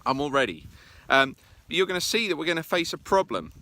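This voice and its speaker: Male presentation coach, walking vlog outdoors, fairly high and bright tone, chatty, pokes fun at himself. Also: sing-song, brisk. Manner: chatty and self-deprecating, with frequent "uh" fillers. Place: outdoors in the countryside.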